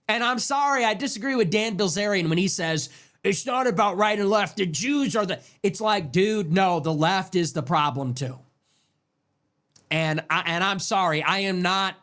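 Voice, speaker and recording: A man with a high voice hosts a talk show and rants in a heated, sarcastic monologue. He swears freely, and his pitch leaps up sharply whenever he gets agitated. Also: fairly bright tone. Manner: ranting, profane and sarcastic. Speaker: political talk show host. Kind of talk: heated political commentary monologue.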